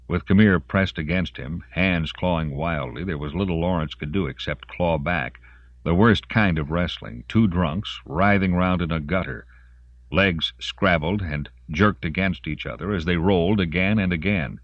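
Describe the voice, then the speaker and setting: A man narrating a story in an expressive storytelling voice. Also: sits low, normal speed, no echo, muffled recording. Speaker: audiobook narrator. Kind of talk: scripted narration.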